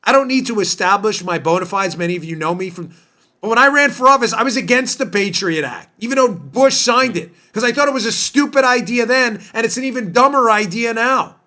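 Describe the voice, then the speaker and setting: A man hosting a political podcast delivers an emphatic, indignant commentary monologue, packed with rhetorical questions. His voice is extremely high and sharp-toned, animated, and fairly quick.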